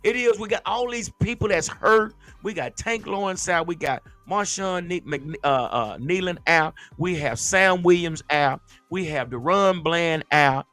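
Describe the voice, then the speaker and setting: Fired-up guy ranting about his team on a podcast, kinda high, sharp edgy voice, dry close sound. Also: a little slow, hardly any pauses, no room sound, soft background music. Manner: heated, emphatic, fired-up ranting. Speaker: podcast host and former football player. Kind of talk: casual sports podcast chat.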